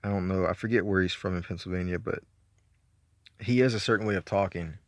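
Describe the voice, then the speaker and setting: A deep-voiced man with a Georgia Southern accent talks fast, rambling casually through his movie collection in a laid-back, slightly profane way. The recording is studio quality with no room sound.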